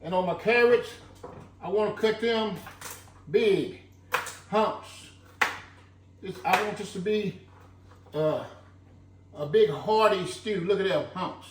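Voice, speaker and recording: Speaking slowly and pausing often, this fairly high-voiced man demonstrates a homemade stew on his home cooking channel in a casual, folksy way, dropping "look" again and again. The mic is a little distant, the kitchen is echoey, and a faint hum runs underneath.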